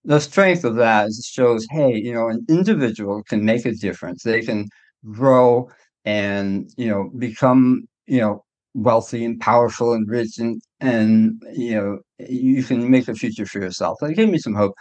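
A middle-aged man of middling pitch talks through his life story as an interview guest. He is reflective and unhurried and often circles back to restart a sentence. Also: darkish tone. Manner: reflective, with frequent restarts and hedges. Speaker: guest, doctor. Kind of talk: candid interview conversation.

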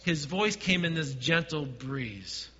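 Male pastor, higher bright voice, sermon in a reverberant hall, muffled sound. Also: expressive, slow pace, slightly rough. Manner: preaching with quiet dips and emphatic swells.

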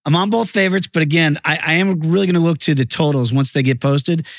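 Animated man breaking down fights. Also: a little high, quick pace, no room sound. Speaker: guest analyst. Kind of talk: casual sports betting chat.

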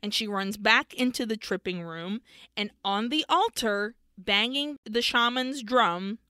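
A young adult woman co-hosting a podcast, retelling a horror film scene by scene in a lively, profane way. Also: mid-range voice, measured pace, smooth, no room sound, clean studio sound. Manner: profane, lively storytelling with quoted voices. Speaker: podcast co-host. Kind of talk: casual film recap chat.

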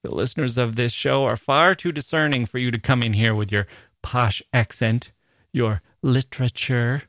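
A man's voice: medium pitch, brisk, a bit bright, no echo, clean studio sound. A man with an American accent hosting a podcast, reading listener mail aloud in a playful, jokey and self-mocking way. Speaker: podcast host. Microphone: studio microphone.

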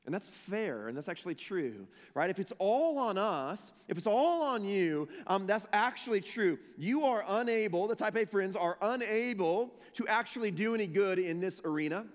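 A man preaching a sermon as pastor, swinging from shouted lines to hushed ones and acting out the people he quotes. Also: high voice, lively intonation, moderate pace, hardly any pauses, in a large hall.

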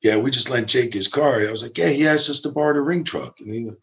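A man with a gravelly, creaky voice tells a backstage story in a loose, casual way. He gets animated and often jumps up in pitch to act out the people he quotes. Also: fast talker. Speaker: former ring crew member telling stories.

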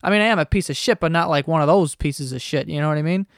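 Talking fast in a slightly high voice, this twentysomething podcast host rambles alone in his basement bedroom, swearing casually and joking at his own expense. Recorded on a podcast mic, the sound is clean studio audio with no room sound.

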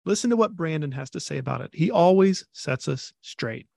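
Man, Ohio accent, chatty, gravelly, dry recording. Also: a little high, animated, normal speed, darkish tone, no room sound. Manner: chatty, laughs easily. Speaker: podcast co-host. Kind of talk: podcast interview.

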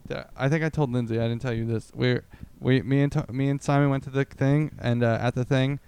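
A man's voice: medium pitch, fairly even intonation, fairly quick, a little mellow, smooth. Man rambling through crude stories. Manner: rambling, crude storytelling with acted-out quotes. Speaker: podcast co-host. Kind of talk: casual comedy podcast chat.

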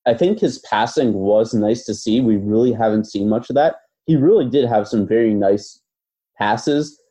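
Man with a dark, low voice. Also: normal speed. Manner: thoughtful, hedging, many fillers. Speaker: basketball podcast co-host. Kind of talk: casual analytical chat.

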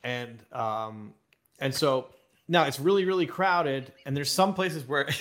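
Fairly high-voiced podcast dude telling wild travel stories, laughs a lot, gets animated. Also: male voice. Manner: animated storyteller, laughs often. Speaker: podcast co-host. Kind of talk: casual chat. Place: travelling abroad.

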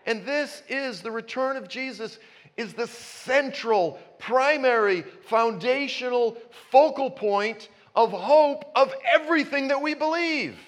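A man with a very high-pitched voice preaches slowly in a church, starting conversationally and building to passionate emphasis. Long reverb from the church hall fills the recording.

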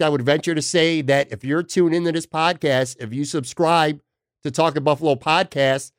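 Guy hosting a sports podcast, kinda high voice, blunt and sweary, dry sound, no room echo. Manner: blunt, emphatic, swears casually. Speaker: podcast host. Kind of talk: casual podcast monologue.

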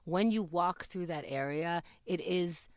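A woman co-hosting a casual podcast, laughing and rising high in pitch whenever she gets exasperated. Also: a little slow, no room sound, studio quality. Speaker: podcast co-host. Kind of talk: casual chat.

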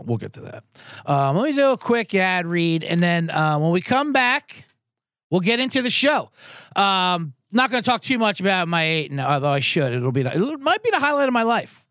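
Lively high-pitched sarcastic man ranting. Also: no room sound, clean studio sound. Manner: exasperated, sarcastic, rambling with quick asides. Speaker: podcast host. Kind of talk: casual comedic rant.

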